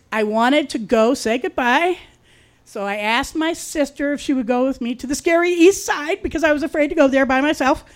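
A woman tells a personal story with a high voice and a loose, conversational delivery. She drops wry, deadpan asides along the way.

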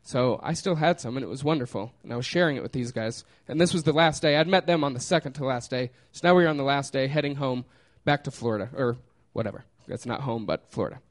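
A man's voice: medium pitch, fast talker, hardly any pauses. Laughing man telling a story. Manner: casual and laughing, with lots of fillers.

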